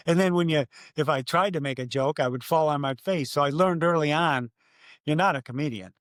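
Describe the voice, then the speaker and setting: An older man with a fairly high voice, a race announcer, spins stories as a podcast guest. He punches up the lines he once said, recreating them with gusto. The sound is close and dry. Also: brisk, dry recording. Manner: animated, acts out his own quotes loudly. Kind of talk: storytelling in a podcast interview.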